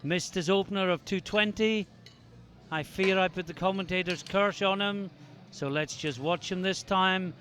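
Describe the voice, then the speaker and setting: A man giving calm, measured live commentary on a powerlifting competition. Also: sits high.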